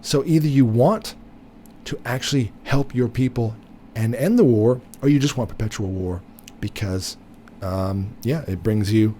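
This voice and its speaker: Man, opinion commentary, blunt, filler-heavy, mellow dark tone, faint noise behind. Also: medium pitch, expressive, measured pace. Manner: blunt, repeats himself with many fillers. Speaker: commentary host.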